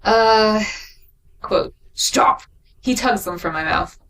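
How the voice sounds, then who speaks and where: A woman co-hosting a casual book podcast, giggly and sarcastic, quick to apologize. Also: mid-range voice. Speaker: podcast co-host. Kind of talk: casual chat, book critique.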